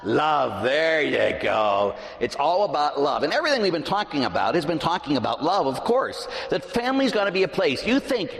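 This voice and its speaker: Middle-aged male pastor, sermon delivery, lively pitch, slightly high voice, long church reverb. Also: fairly quick, hardly any pauses. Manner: animated preaching, swings between loud and hushed. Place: large church.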